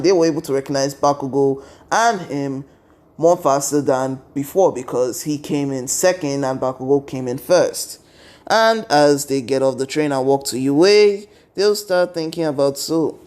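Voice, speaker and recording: A man's voice: a little high, a little mellow. A young man casually retelling a fan story, rambling from one event to the next. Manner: rambling, strings events with "and then he's like".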